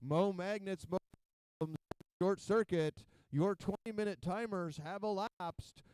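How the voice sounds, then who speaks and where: High-voiced man calling robot fights. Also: slow, slight background noise. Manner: counts down loudly, calls hits. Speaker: robot combat announcer. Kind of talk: live arena commentary.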